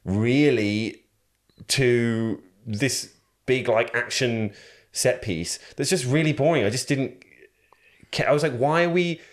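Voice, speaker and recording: A man co-hosting a film podcast in casual chat, swearing freely and mimicking characters in quick asides. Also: mid-range voice. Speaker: podcast co-host.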